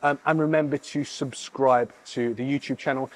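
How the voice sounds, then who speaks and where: A man's voice: medium pitch, steady tone, moderate pace. A man with a British accent demonstrating leg exercises as a fitness coach, talking casually with many fillers and repeated coaching cues, a little out of breath.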